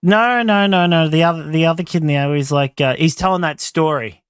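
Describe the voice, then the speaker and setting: A young Australian man co-hosting a casual podcast, teasing with dry deadpan comebacks. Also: a little high, fairly quick, clean tone, no echo. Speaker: podcast co-host. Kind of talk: casual chat.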